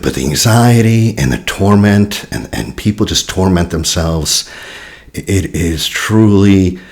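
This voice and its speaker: A low-pitched man coaches on relationships in a casual teaching monologue. He sounds reflective and conversational, sighing often and repeating himself.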